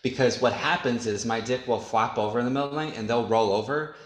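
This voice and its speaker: A man's voice: medium pitch, fast, roomy sound. A man from upstate New York, a guest speaking frankly and easily in a casual chat.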